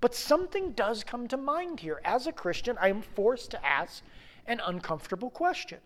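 A man's voice: very high-pitched, sing-song, normal speed. A man in his thirties preaching a sermon as pastor, conversational, with many rhetorical questions to the congregation.

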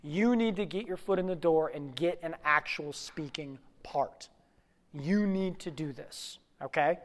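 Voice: medium pitch, measured pace, in a large hall, voice pushed down, natural voice. A preacher voicing a persuasive theatrical agent who coaxes insistently in a sermon story. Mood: coaxing.

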